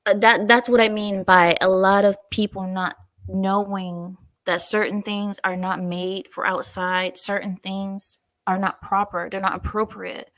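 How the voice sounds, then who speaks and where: A woman hosting a livestream, chatting casually and reading out viewer comments in an animated, talkative way. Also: mid-range voice, unhurried, no room sound. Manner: chatty, animated, breaks into silly voices and laughs. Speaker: livestream host.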